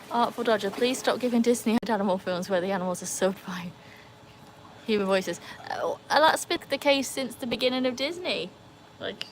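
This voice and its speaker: A rambling British woman talks casually on a phone livestream, full of "like" and "um" as she answers the chat. Her voice sits in a middle range. Steady noise and the sounds of dogs moving around run under the audio. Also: mid-range voice. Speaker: live streamer, dog owner. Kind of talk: casual live-stream chat, reading and answering the chat.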